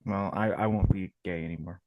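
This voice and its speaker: A man on a call-in show with a lowish voice and a dry, close sound. He rambles through his stories, swearing constantly and repeating himself as he goes. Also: steady tone, a little fast, no echo, lo-fi sound. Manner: profane, rambling storytelling. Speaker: caller. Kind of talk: casual call-in chat.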